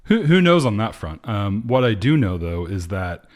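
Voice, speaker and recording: A man hosting a podcast, reading headlines in a measured way, then chatting casually. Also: fairly low pitch, very animated. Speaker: podcast host.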